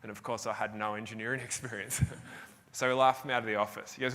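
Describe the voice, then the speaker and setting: An Australian man gives a motivational talk on a big stage, his voice bright and forceful. He tells his story with energy and laughs often, and a long reverb hangs over his words in a large event hall. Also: on the low side, little pitch movement, fast. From Tasmania, Australia. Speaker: keynote speaker.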